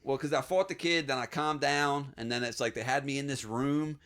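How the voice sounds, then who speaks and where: A man hosting a podcast, telling wild stories from his youth in a casual, swearing, animated way. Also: medium pitch, moderate pace. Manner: profane, animated anecdote-telling with laughs. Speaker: podcast host. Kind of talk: casual storytelling.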